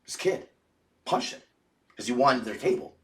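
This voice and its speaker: A man's voice: mid-range voice, expressive, moderate pace, a bit bright. A man telling a long story as a podcast guest, casual and profane, full of restarts and filler words. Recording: roomy, distant mic.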